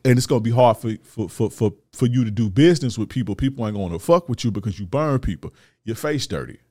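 A man's voice: mid-range voice, lively intonation, fast, warm tone, no echo, clean studio sound. A man, hosting a show and ranting bluntly in profane street slang. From Florida, USA. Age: 30s. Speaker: host giving life advice to men. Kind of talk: casual ranting monologue.

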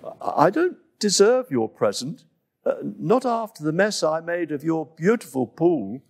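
A man voicing a cheeky, excitable little female jungle animal who stammers when she feels guilty. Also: a little high, unhurried, full character voice. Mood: contrite.

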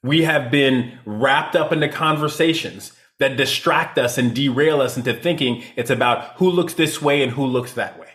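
A man's voice: medium pitch, moderate pace, few pauses, fairly bright tone. A man who is a leadership consultant, speaking as an interview guest with emphatic points and frequent "right?" tags. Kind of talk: interview answers.

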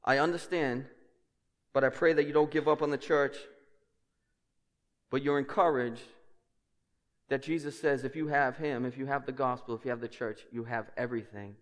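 A man preaching a sermon as pastor, emphatic, dropping to a hush and then rising loud, with rhetorical questions to the congregation. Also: medium pitch, steady tone, normal speed, long pauses. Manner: emphatic, swings between hushed and loud. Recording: reverberant church hall.

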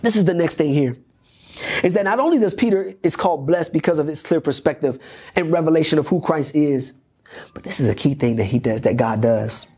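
Husky-voiced pastor preaching. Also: male voice, fairly high pitch, fairly quick, darkish tone. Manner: repetitive, emphatic preaching cadence. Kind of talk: sermon. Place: church.

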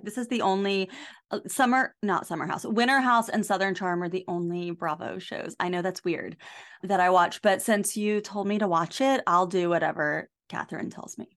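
A woman's voice: medium pitch, normal speed, a bit bright. An American woman co-hosting a podcast in a bubbly, giggly way. She fills her chat with "like" and laughs along as she goes. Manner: bubbly, giggly, says "like" often. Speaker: podcast co-host. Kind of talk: casual chat.

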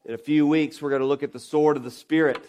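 A pastor preaching a sermon, emphatic, with rhetorical questions and swings from loud stresses to quiet drops. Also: male voice, a little high, fairly even intonation, fast.

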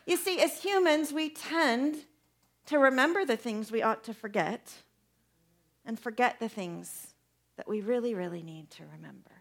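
A woman's voice: a little high, expressive, moderate pace, gravelly. A woman preacher giving a conversational sermon, asking her listeners many questions.

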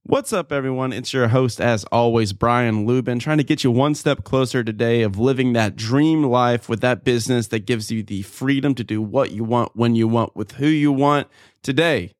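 A man hosting his podcast, telling a story in an energetic, casual monologue and jumping up in pitch when excited. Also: no echo, clean studio sound. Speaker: podcast host.

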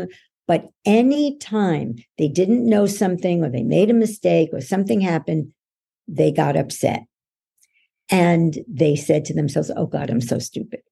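A woman's voice: on the low side, vocal fry, dark tone, breathy edge. A woman guest on a podcast, a coach who explains how beliefs form in a patient, instructive way and acts out everyday voices to make her points. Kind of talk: explanatory interview answer.

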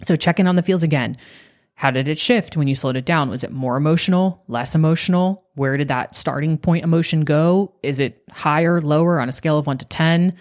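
A woman coach talking on a podcast, guiding listeners through an exercise and telling a story from a workshop in an animated way. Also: sits low, fairly quick. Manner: animated, acts out quoted voices.

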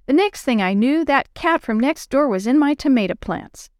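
A woman's voice: sits high, expressive, moderate pace, darkish tone, dry recording, studio quality, voice pushed up. A woman doing a stern, grumpy dad. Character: grumpy father, protective gardener.

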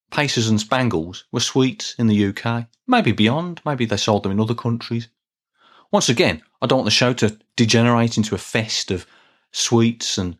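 Guy, middle-aged, rambly podcast host, self-deprecating, chatty and easygoing. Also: medium pitch. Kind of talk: casual solo podcast talk.

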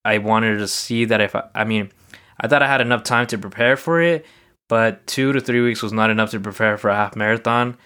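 A man's voice: lowish voice, fairly even intonation, a little fast, bright, forceful tone, clear, resonant tone. A man hosting a podcast, telling a loose, rambling personal story in a casual solo monologue, full of fillers. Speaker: podcast host.

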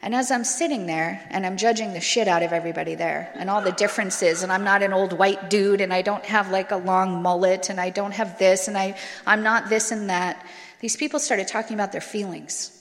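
A woman tells her own story to an audience in a plain, candid way, with some casual swearing along the way. Her voice sits at a middle pitch. The sound carries the long reverb of a large hall. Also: fairly even intonation, a little fast. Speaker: speaker sharing a recovery story. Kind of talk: personal talk to an audience.

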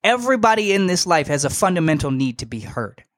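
A young man hosting a podcast, telling a story in a casual, animated and slangy way, emphatic and full of asides. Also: fairly high pitch, fast talker, no room sound, clean studio sound. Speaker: podcast host.

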